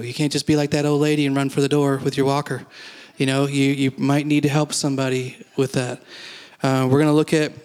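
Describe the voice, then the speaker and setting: Middle-aged guy preaching, chatty and folksy, kinda high voice, not much up and down. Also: darkish tone. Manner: conversational, folksy teaching with asides. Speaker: pastor. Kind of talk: sermon.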